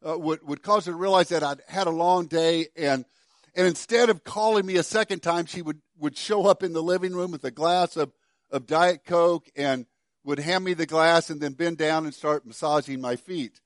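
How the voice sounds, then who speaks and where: Middle-aged guy preaching, lots of stammery restarts, kinda high voice, dry close sound. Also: normal speed, no echo. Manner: stammering restarts, storytelling with a soft, drops to near-quiet. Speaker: pastor. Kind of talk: sermon.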